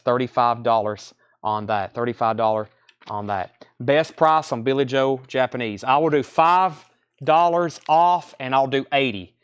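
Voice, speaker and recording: A man hosting a live online record sale, reeling off album titles, condition grades and prices in a brisk seller's patter. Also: medium pitch. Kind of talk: live online sales stream.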